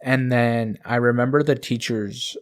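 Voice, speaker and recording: A man's voice: medium pitch, a little slow, smooth. Young man telling a school story. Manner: animated, laughing, acts out quotes. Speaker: podcast co-host. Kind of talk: casual storytelling chat.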